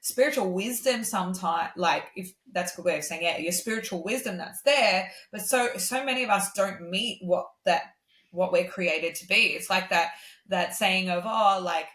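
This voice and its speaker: A woman, a singer-songwriter and podcast guest, talking in a chatty, animated way with many fillers. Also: fairly low pitch, moderate pace. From Australia. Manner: chatty, animated, acts out quoted voices. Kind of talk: casual chat. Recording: roomy echo.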